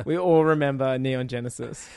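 A man's voice: medium pitch, steady tone, measured pace, gravelly, darkish tone, no echo. A man co-hosting a podcast, talking casually and animatedly, laughing and swearing as he tells stories. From Australia. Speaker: podcast co-host. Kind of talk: casual chat.

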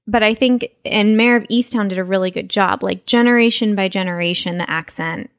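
A woman from Texas co-hosting a podcast in a relaxed chat, talking quickly with many fillers and restarts. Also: mid-range voice, no echo, clean studio sound. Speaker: podcast co-host. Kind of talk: casual chat.

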